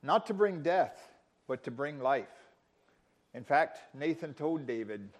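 Emphatic man preaching, slightly high voice. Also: animated. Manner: emphatic preaching with dramatic pauses and rising quoted lines. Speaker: pastor. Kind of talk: sermon.

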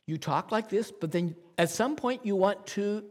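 A man's voice: high-pitched, sing-song, normal speed, hardly any pauses. A man teaching a congregation about evangelism, earnest and coaching, often asking rhetorical questions.

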